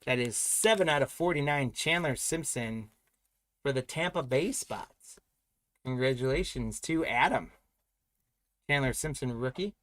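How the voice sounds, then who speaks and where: A man's voice: medium pitch, animated, measured pace, fairly bright tone, dry recording. A man hosting a live trading card break, announcing pulls and congratulating buyers in an upbeat, chatty way.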